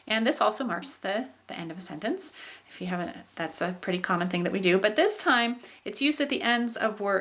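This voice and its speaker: A woman teaching in a patient, explanatory way, pausing on "um" and checking in with "okay." She shows examples by exaggerating how her voice swoops up and drops down. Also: mid-range voice, a bit bright. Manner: demonstrates phrases with exaggerated rises and falls. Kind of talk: explaining English intonation.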